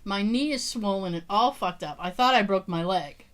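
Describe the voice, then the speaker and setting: A woman's voice: medium pitch, normal speed. A woman co-hosting a podcast, telling stories in casual chat, laughing often and swearing freely. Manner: laughing, animated storyteller who swears freely. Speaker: podcast co-host.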